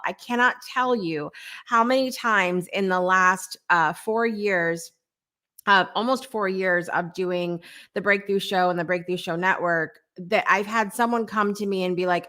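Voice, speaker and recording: Bright-voiced chatty woman hosting. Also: medium pitch. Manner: chatty, upbeat, reading viewer comments aloud. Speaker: talk show host. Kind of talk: live morning talk show chat.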